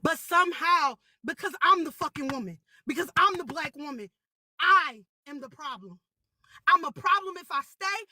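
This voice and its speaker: A young woman venting angrily on a live stream, heated and profane, repeating herself and shouting at times. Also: high voice, lively intonation, moderate pace, no room sound.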